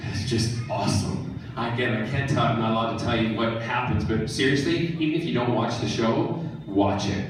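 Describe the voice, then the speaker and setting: A man answering fans' questions at a convention panel, joking and animated. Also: medium pitch, moderate pace, recorded from a distance, slight background noise. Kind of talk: casual Q&A with fans. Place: large convention hall. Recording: echoey hall, mic from afar.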